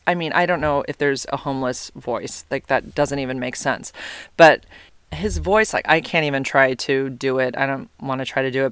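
A young man telling a dating story casually, animated and chatty, acting out text messages. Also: a little high, smooth, no echo. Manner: animated, chatty, quotes texts aloud.

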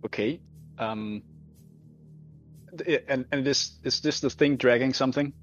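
A man's voice: medium pitch, a little slow, highs cut off, faint music behind. A man playing a tabletop game, hesitant and stammering. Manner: hesitant, stammering, bursts into loud in-character yells. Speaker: player. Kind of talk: casual tabletop play.

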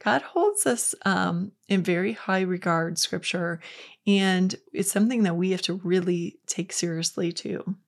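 A woman's voice: on the low side, a little slow. A woman hosting a faith podcast, giving an earnest, conversational Bible teaching with quotes acted out. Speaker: podcast host.

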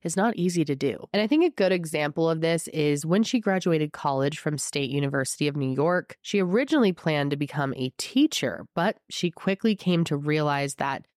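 A woman's voice: sits low, lively intonation, moderate pace, hardly any pauses, a little mellow, no echo, studio quality. A young woman with a cold, hosting a true crime show in a scratchy, congested voice, telling the story with emphatic, indignant asides.

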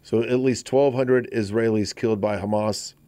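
A man's voice: fairly low pitch, fairly even intonation, normal speed, warm tone, no room sound. A man in his fifties hosting a talk radio show, talking in a conversational, rambling way with frequent restarts. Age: 50s. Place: radio studio.

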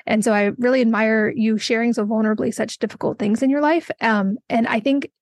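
A woman hosting a podcast, speaking in a warm, admiring and measured way to her guest. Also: fairly high pitch, steady tone, no echo. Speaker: podcast host. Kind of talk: conversational interview.

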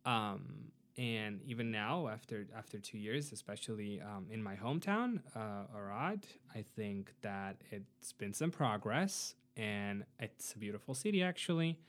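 A man's voice: on the low side, animated, measured pace, hardly any pauses, a bit bright. A man from Romania, a podcast guest in casual chat, hesitant with many fillers and restarts, joking dryly.

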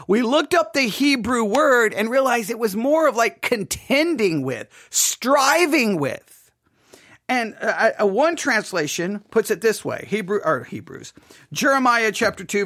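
A man giving an informal Bible study talk, animated, acting out quoted lines with rising emphasis and conversational restarts. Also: high-pitched, measured pace, no room sound, studio quality. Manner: animated, voices God's words with rising emphasis. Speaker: Bible teacher.

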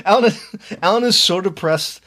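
A man co-hosting a horror movie podcast in casual chat, excitable, laughing and swearing while repeating words. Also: high-pitched, moderate pace. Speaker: podcast co-host.

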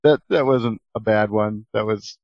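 A man co-hosting a casual podcast, joking and quick to laugh. His voice comes through a dull, slightly muffled recording with a dry sound. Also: lowish voice, no room sound. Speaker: podcast co-host. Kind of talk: casual chat.

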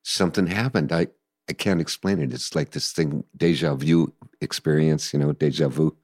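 An older man telling stories in a casual interview, animated and acting out voices and sounds. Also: rumbling low, moderate pace, no room sound, studio quality. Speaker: guest musician recalling the past.

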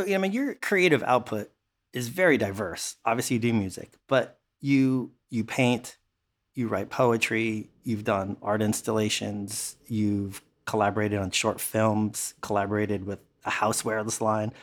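A man's voice: lowish voice, fairly even intonation, a little slow. A man hosting an interview, asking curious, probing questions in a conversational way. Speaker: interview host.

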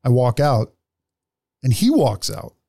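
A man's voice: medium pitch, huge pitch swings, slow pace, gravelly, warm tone, dry recording, clean studio sound. A man telling a story in casual podcast chat, blunt and profane, acting out the other people in it. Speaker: podcast co-host.

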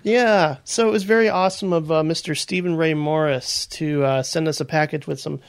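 A man's voice: a little high, steady tone, moderate pace, smooth. A man co-hosting a casual podcast chat, reading a listener letter aloud with laughing asides. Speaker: podcast co-host.

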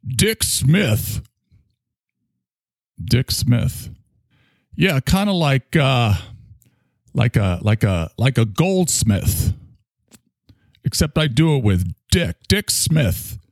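A man's voice: mid-range voice, very animated, very slow, pauses often, no room sound, studio quality, voice pushed up, exaggerated voice. A man voicing an eager, bumbling male audition hopeful in a comedy sketch.

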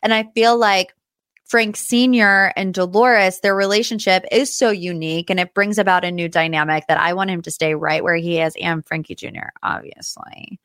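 A woman hosting a podcast, recapping reality TV in a chatty, animated way and slipping into impressions. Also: medium pitch, clear, resonant tone, no room sound, studio quality. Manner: chatty, animated, does impressions of cast members. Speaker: podcast host. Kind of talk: casual recap monologue.

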